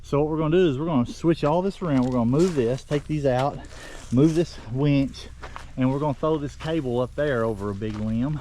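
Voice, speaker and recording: A man's voice: medium pitch, a little fast, warm tone, a little hiss or hum. An older man, rambling and folksy, talking viewers through a job outdoors in the woods. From southern Oklahoma. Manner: folksy, rambling, repeats himself. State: out of breath. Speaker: vlogger. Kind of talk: casual outdoor how-to narration.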